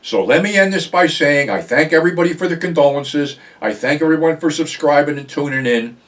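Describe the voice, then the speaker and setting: A man's voice: fairly high pitch, expressive, a little fast, a bit bright, distant mic. Blunt, profane man talking off-mic. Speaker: show host. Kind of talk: casual monologue to camera.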